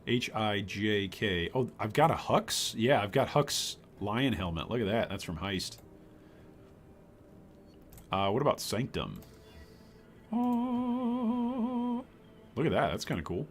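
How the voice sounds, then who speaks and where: An older man from Michigan chatting with his chat while streaming a game, with bursts of excitement. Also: on the low side, slight background noise. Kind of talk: live gameplay commentary.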